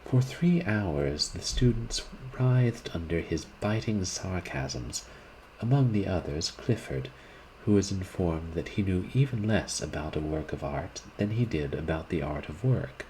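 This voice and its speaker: Man, deep voice, slow, lively intonation, story reading. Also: slight background noise, low-quality recording. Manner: deliberate, expressive, shifts pitch for characters. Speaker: narrator reading aloud. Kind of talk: reading a classic short story aloud.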